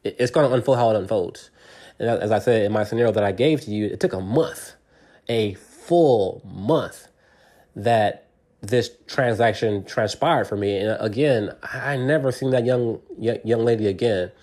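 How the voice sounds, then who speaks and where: A middle-aged man talks through listener advice on his podcast in a loose, unscripted monologue. His voice sits a little low, and he circles his points with frequent restarts and repeated words. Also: moderate pace, a little mellow. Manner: earnest, rambling, many repeated words and restarts. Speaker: podcast host.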